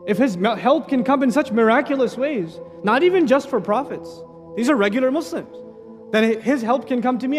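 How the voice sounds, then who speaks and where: A man giving an animated religious lecture, firing off rhetorical questions with a teasing edge. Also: extremely high pitch, long reverb tail. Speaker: Islamic lecturer.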